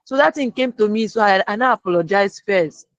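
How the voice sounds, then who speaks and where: A speaker, sharing a personal lesson as a guest and retelling it lively, acting out the people in the story. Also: medium pitch, a little fast, dull audio. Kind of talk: storytelling testimony.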